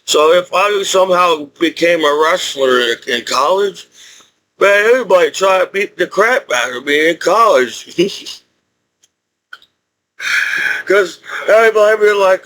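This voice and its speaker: A man's voice: sits high, expressive, unhurried, pauses often, a bit bright, rough recording. A middle-aged man telling rambling personal stories in a casual monologue, chuckling often and repeating himself. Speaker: military veteran vlogger.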